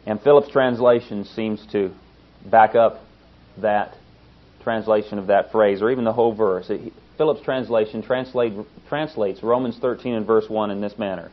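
A man's voice: lowish voice, fairly even intonation, brisk. A man giving an earnest, emphatic sermon-style Bible teaching, stressing points as he works through a verse. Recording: dull lo-fi recording.

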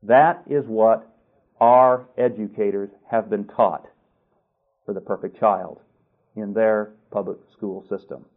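A man's voice: on the low side, fairly even intonation, slow pace. A male preacher reads a text aloud in a sermon and comments on it critically and emphatically. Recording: tinny phone-like line.

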